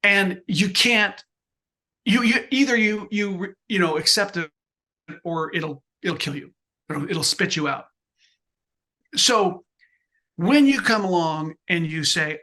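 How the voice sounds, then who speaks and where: An older man in his sixties gives motivational advice in an interview, pressing each point hard and often circling back to restart a phrase. His voice sits a little high for a man and rings bright and forceful. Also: unhurried, pauses often. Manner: emphatic, repeats and restarts phrases. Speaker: photographer, interview guest.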